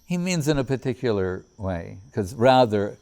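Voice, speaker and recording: A man's voice: medium pitch, sing-song, normal speed, vocal fry, dark tone. A middle-aged man giving a devotional talk, reflectively telling stories about his teacher. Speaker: spiritual teacher.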